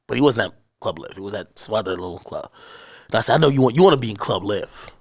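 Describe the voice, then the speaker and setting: Male guest, casual interview storyteller, animated, swears a lot. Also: lowish voice, fast. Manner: animated storyteller, acts out shouted quotes; profane, slangy.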